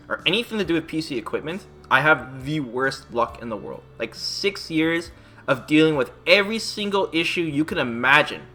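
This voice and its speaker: A man telling a long exasperated story in a casual vlog, swearing often and acting out both sides of the conversation. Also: on the high side. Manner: animated, profane, exasperated storytelling. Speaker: streamer and YouTuber.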